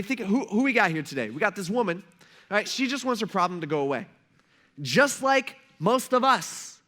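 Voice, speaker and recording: Man, pastor, high voice, relaxed slangy sermon, acts out quoted lines. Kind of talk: casual sermon. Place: church.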